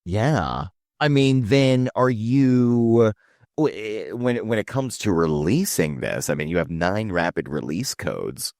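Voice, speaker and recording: A male podcast host with a very deep voice, recorded dry and close. He mostly gives brief acknowledgements and asks questions with some hesitation. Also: lively intonation, slow, a little mellow, no echo. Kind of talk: interview questions.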